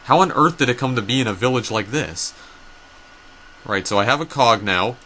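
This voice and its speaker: A man's voice: medium pitch, animated, normal speed, pushed and bright, a little hiss or hum. A man playing through a story game, reading its text aloud and adding casual remarks, often tripping over names. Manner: reads dialogue aloud, stumbles over names. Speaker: gameplay narrator.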